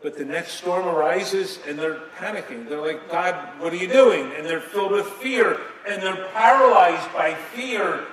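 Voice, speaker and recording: A man preaching a sermon, retelling scenes dramatically, with sudden swings between loud and soft. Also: sits high, a little slow, few pauses. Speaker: pastor. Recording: echoey hall from a distance, faint ambience.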